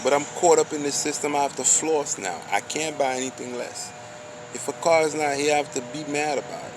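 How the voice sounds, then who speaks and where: A man's voice: fairly high pitch, a little fast, noisy background. A man giving a loose, slangy street monologue, preaching and firing off rhetorical questions.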